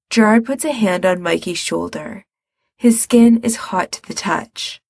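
Woman audiobook reader, measured, husky and gravelly. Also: medium pitch, darkish tone, dry recording, clean studio sound. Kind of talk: storybook narration.

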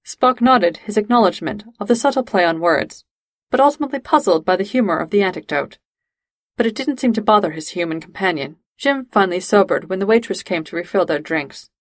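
A woman narrating a fan-fiction audiobook in a steady, even storytelling manner. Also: mid-range voice, fairly quick, no room sound.

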